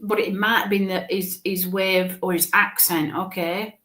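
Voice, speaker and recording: A woman's voice: medium pitch, fairly even intonation, moderate pace, fairly bright tone, reverberant. A woman giving a live mediumship reading as a psychic medium, thinking aloud with frequent halts and restarts.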